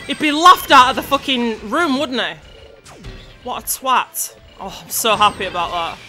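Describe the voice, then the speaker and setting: A woman with a high, bright voice swears and shouts her way through a hard game as she comments on her own play. She talks quickly and is easily frustrated, and she yells at the enemies on screen. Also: expressive, soft background music. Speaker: gameplay commentator.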